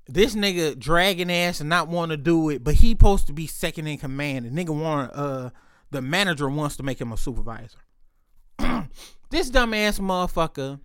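Man, casual profane storyteller, a touch high-pitched, very dry close sound; rambling delivery. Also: no echo. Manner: profane, rambling, laughs between lines.

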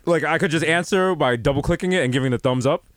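A man's voice: on the high side, fast talker, no room sound. A man co-hosting a podcast in casual comedic chat, riffing and slipping into mock-posh bits. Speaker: podcast co-host.

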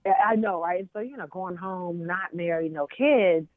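Lady in her 40s, chatty and animated, lots of "and, and" restarts, tinny phone line, dry sound. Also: on the low side, moderate pace, dry recording. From American South. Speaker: interview guest. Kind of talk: casual storytelling chat.

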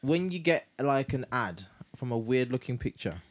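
A man co-hosting a podcast, chatting casually, animated and laughing often. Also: mid-range voice, moderate pace. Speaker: podcast co-host. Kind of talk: casual chat.

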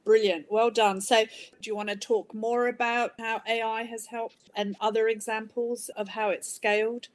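A woman with a somewhat high voice hosts an interview. She asks her questions in a conversational way and encourages her guest. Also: level tone, normal speed.

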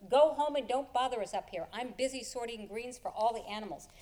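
A woman plays a cranky old woman who keeps a yard full of animals in a storybook tale. She barks curt, scolding orders in a slightly high voice. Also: lively intonation, brisk, warm tone, lightly acted. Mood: bossy. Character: gruff bossy old woman animal keeper.

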